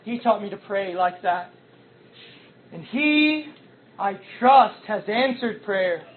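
A man preaching an impassioned sermon, his loudness rising and falling sharply as he speaks. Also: high-pitched, animated, slow. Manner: impassioned, with big swings in loudness. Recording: tinny phone-like sound.

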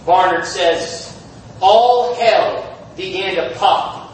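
High-voiced fervent preacher in a very echoey room. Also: male voice. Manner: impassioned, builds to shouting, repeats phrases for emphasis. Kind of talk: fervent revival sermon. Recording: very echoey, distant from the mic, faint background noise.

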